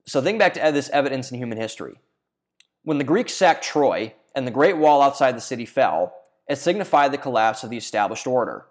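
A man's voice: mid-range voice, lively intonation, brisk. A man narrating a scripted video essay in an earnest reading manner, now and then stumbling and restarting a phrase.

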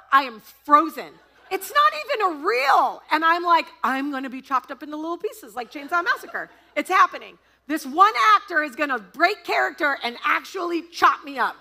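A woman pastor preaching a sermon, telling a story in an animated, laughing, dramatic way. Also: sits high, normal speed. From United States.

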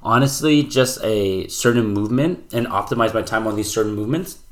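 A man who works as a personal trainer, co-hosting a casual fitness podcast and talking loosely with lots of fillers and restarts. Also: fairly low pitch. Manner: fast, loose talk full of "like" and restarts.

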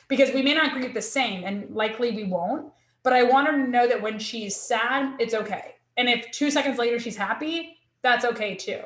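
Her voice on the high side and at normal speed, with few pauses, a guest in her thirties tells her own story in conversation. She comes across as earnest and reflective, frequently voicing her own thoughts aloud, and the recording has an echoey room sound.

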